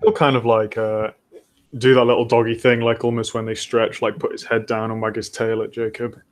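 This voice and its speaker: A man's voice: lowish voice, flat delivery, fairly quick. A man in a tabletop game over a video call, talking casually with many fillers. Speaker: player.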